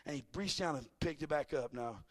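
A man preaching a sermon as pastor, animated, swinging from loud shouts to quiet, casual asides. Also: a little high, brisk. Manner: casual, chatty asides with laughter.

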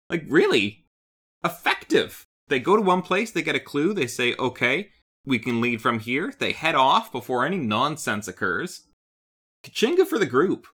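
A man co-hosting a casual podcast recap, his pitch swinging freely up and down as he talks. His tone is bright and forward, and he keeps it animated, slipping into the characters' voices now and then. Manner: animated, acts out characters' lines in quick bursts. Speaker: podcast co-host. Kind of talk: casual chat recapping a cartoon episode.

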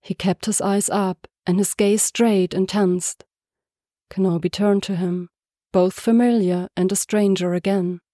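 A woman reading a story aloud as narrator, soft-spoken and even. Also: mid-range voice, a little slow, no echo, clean studio sound. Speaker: podfic reader. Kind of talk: scripted narration.

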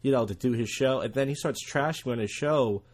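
A man's voice: medium pitch, fairly quick, a little mellow, slightly rough. A man guesting on a podcast in casual chat, wry and storytelling.

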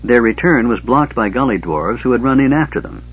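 A man narrating a fantasy novel in a measured, even storytelling style. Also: medium pitch, breathy edge. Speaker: audiobook narrator. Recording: dull lo-fi audiobook recording.

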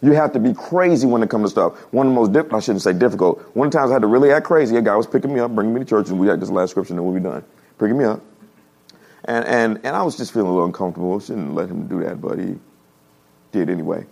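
A man preaching a humorous storytelling sermon to his congregation, animated and laughing at his own stories. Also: lowish voice, rapid-fire, gravelly. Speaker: pastor. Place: church service before a congregation.

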